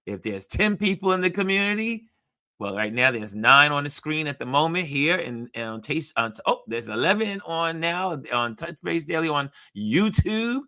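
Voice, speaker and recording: A man's voice: fairly high pitch, lively intonation, normal speed, few pauses, pushed and bright, no room sound, studio quality. A man hosting a live online show, chatting casually and reading out viewer comments, often repeating phrases for emphasis. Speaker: livestream show host.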